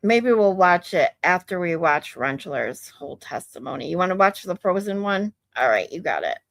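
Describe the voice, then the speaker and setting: A woman's voice: lowish voice, sing-song, normal speed, vocal fry. A woman hosting a channel, chatting casually and with amusement between clips. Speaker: channel host. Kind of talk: casual commentary.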